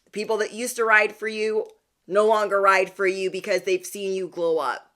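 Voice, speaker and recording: Woman vlogger, casual storytelling, mid-pitched, chatty and animated, slangy. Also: moderate pace. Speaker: spiritual vlogger.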